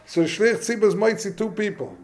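A man's voice: high voice, expressive, fairly quick. A man teaching an informal Torah class, asking questions and mixing in Hebrew and Yiddish terms. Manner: casual, questioning, yeshivish phrasing mixed with English. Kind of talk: informal Talmudic lesson.

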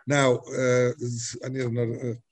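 A man teaching a Talmud class, halting and repeating words as he searches for them. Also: mid-range voice, completely flat delivery, a little hiss or hum.

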